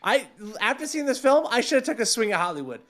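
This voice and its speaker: Very high-pitched and quick, this man co-hosts a podcast and rants in casual conversation. He's animated, swears freely, and performs the quotes he brings up.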